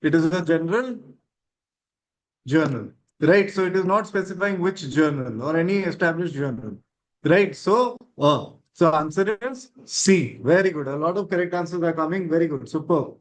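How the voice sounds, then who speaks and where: A man's voice: a little high, normal speed, poor audio. A man teaching an online grammar class, encouraging students and checking with "right?".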